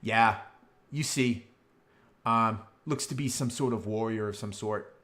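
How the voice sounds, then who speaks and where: A man narrates a tabletop game as game master, with a lowish voice. He rambles and fills his pauses with many ums and uhs. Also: fairly bright tone.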